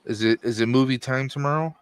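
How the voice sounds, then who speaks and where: A man's voice: mid-range voice, fast, clear, resonant tone. A man in his forties chatting casually on a stream, jokey and full of stories. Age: 40s. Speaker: guest on stream. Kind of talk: casual chat.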